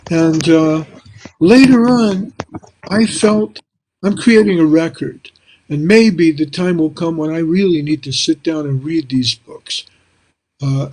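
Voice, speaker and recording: An older man tells stories as a guest on a video call from a small book-lined room. His voice sits a little high for a man, and he talks in a chatty, animated way, slipping into the voices of the people he quotes. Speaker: interview guest. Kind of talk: casual storytelling in a video call interview. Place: small room with a wall of books.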